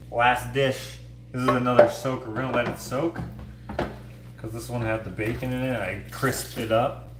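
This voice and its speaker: A man's voice: mid-range voice, fairly bright tone, reverberant, a little hiss or hum. A man hosting a casual livestream from his home kitchen, washing dishes while he reads comments and rambles, full of filler words like "like". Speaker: streamer and host.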